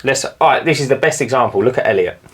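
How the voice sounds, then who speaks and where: A man's voice: mid-range voice, fast, breathy edge. A man, co-hosting a casual podcast chat about running a cleaning business, telling stories animatedly. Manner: animated storyteller, acts out customers in silly voices.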